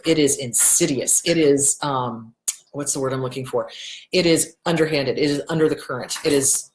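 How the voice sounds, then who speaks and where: A woman's voice: low-pitched, reverberant, a little hiss or hum, poor audio. A woman therapist answering viewer questions in a casual, blunt, emphatic way, swearing freely. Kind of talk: casual advice talk.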